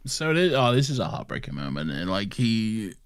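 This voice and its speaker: A man's voice: fairly low pitch, very animated, a little fast, clear, resonant tone. A man co-hosting a podcast in casual chat, retelling scenes and swearing freely. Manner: retells scenes, quoting characters in put-on voices, swears freely. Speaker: podcast co-host.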